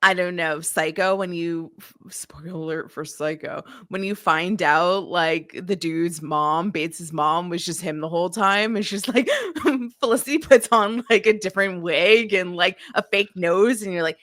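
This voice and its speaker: A woman's voice: fairly low pitch, normal speed, fairly bright tone. A woman co-hosting a podcast, recapping a TV episode in casual, jokey chat with many fillers. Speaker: podcast co-host.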